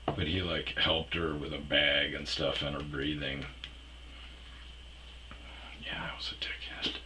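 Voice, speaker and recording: A man's voice: rumbling low, fairly even intonation, unhurried, pauses often, pushed and bright, a little hiss or hum, low-quality recording. A man telling a rambling personal story in a casual, profane way, trailing off with fillers. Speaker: storyteller host.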